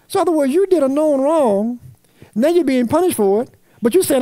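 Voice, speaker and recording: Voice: medium pitch, expressive, fast, warm tone, no echo. A Sunday school teacher, reading scripture aloud and quizzing the class with fill-in questions in a church classroom. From Virginia. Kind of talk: Bible study teaching.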